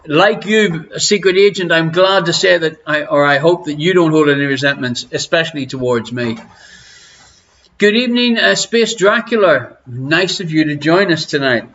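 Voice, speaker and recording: Irish male host, chatty and teasing, fairly high voice, lo-fi home stream sound. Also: normal speed, few pauses, fairly bright tone. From Ireland. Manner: chatty, teasing, greets viewers by name. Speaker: online quiz show host. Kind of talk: casual live-stream chat. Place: living room at home.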